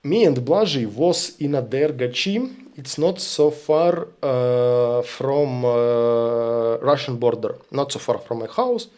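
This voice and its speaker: Um homem com sotaque ucraniano, falante nativo de ucraniano, contando histórias numa conversa casual de transmissão ao vivo, em inglês truncado, franco e cheio de palavrões. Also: male voice, medium pitch, takes it slowly, few pauses, a little mellow. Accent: Ukrainian. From Ukraine. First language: Ukrainian. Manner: blunt, profane, broken English storytelling. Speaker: streamer. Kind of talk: casual stream talk.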